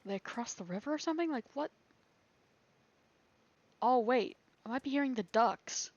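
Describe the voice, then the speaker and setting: A gaming creator narrates her thoughts while playing a survival game, rambling, chatty and quick to laugh. Her voice is a little high yet darkish in tone, animated at a moderate pace, and the sound is lo-fi.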